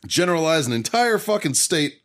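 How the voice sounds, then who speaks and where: A man's voice: on the high side, big pitch swings, fairly quick, fairly bright tone. A man co-hosting a casual podcast, telling a heated, profanity-filled story and laughing as he goes. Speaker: podcast co-host. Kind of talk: casual chat, ranting storytelling.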